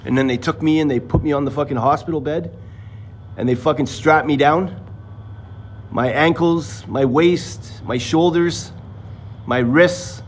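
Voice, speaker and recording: A man's voice: fairly high pitch, measured pace, slight background noise, rough recording. A man telling viewers a long personal story in casual, rambling, profane talk, acting out what others said. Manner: rambling, profane, acts out quoted voices.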